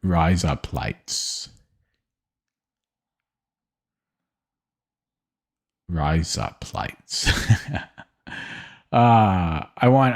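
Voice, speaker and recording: A man with a lowish, darkish voice streams a chess game live. As he thinks aloud, he hesitates and often stammers or says words twice.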